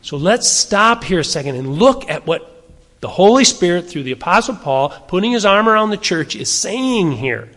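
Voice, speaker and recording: High-voiced emphatic male preacher in a hall. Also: sing-song, moderate pace. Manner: emphatic, varies loudness, drops to quiet asides. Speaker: pastor. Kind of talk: sermon.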